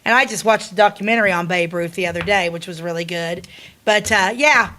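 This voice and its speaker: A woman co-hosting a podcast who is chatty and quick to laugh in casual conversation. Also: fairly low pitch, sharp tone. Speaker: podcast co-host. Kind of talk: casual chat.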